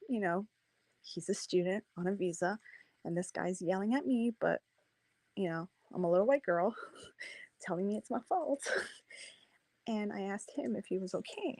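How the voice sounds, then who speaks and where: Woman, mid pitch, animated storyteller, acts out voices, dry close sound. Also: no room sound, poor audio. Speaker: debate participant. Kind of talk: casual storytelling in a debate.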